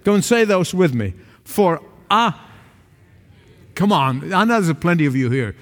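A man preaching a sermon to a small congregation in a church, emphatic, swinging between raised calls and low, quiet asides. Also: big pitch swings, measured pace. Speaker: pastor. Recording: long reverb of a large hall.

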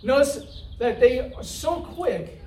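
Male preacher, very high voice, conversational sermon, recorded from a distance. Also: animated, slow, darkish tone, slight background noise. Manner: conversational, asks the room "right?"; acts out the Israelites' complaints in a whiny voice. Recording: roomy, from far off the mic.

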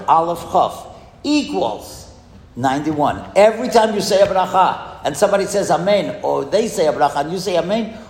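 A man giving a storytelling speech in a school hall, lively and asking the audience questions. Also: sits high. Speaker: speaker addressing a school audience. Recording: echoey hall with long reverb.

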